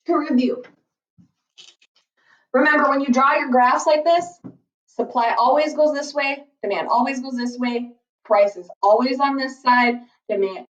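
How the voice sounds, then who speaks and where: High-voiced, playful woman teacher. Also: roomy sound, far from the mic, muffled recording. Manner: playful, jokey, checks in with "okay?". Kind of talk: recorded economics lesson. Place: basement floor at home.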